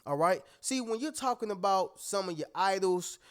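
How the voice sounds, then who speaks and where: A man's voice: high voice, lively intonation, normal speed, smooth. A man giving a motivational talk straight to his viewers, emphatic and preachy, often checking that they are following. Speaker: motivational speaker.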